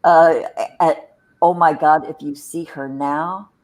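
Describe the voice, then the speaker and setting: A woman's voice: deep voice, steady tone, takes it slowly, darkish tone. A woman co-hosting a casual chat, telling rambling, wry anecdotes full of fillers. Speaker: co-host.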